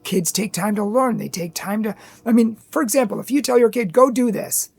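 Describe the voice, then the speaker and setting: Husky, earnest woman giving parenting advice. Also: medium pitch, a little fast, darkish tone. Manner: earnest, emphatic, repetitive lists. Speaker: parenting and faith video host. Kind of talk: direct-to-camera advice monologue.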